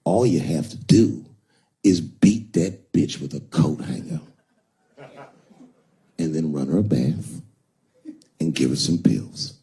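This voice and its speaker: A comedian voicing an older pimp who gives cold advice in a low, hushed, sinister tone. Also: male voice, animated, slow, long pauses, breathy edge, exaggerated voice. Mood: menacing.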